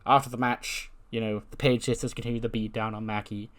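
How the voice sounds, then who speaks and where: A man's voice: lowish voice, flat delivery, fairly quick, a bit bright. A man casually narrating his game playthrough in a chatty, wry way, full of fillers and asides. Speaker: let's play host.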